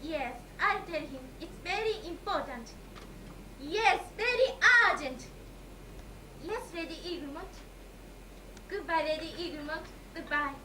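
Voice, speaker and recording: A woman playing a prim, dismissive receptionist in an amateur stage comedy, crisp and formal. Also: very high voice, unhurried, pauses often. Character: cool, prim female receptionist. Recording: echoey hall, far mic, hiss.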